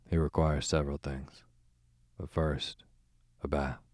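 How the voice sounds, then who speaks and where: A man voicing a sardonic, smooth-voiced duke. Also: very deep voice, flat delivery, a little slow, darkish tone, no room sound. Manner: smooth, drawling, sarcastic. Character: sardonic languid aristocratic male duke. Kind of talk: audiobook character voice.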